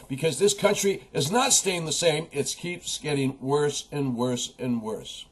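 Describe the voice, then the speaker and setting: A man's voice: fairly high pitch, a little slow, few pauses, a bit bright, breathy edge. A man delivering an impassioned political rant, preaching at his listeners and quoting scripture. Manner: preachy, quotes scripture, talks straight at the audience. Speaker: political commentator.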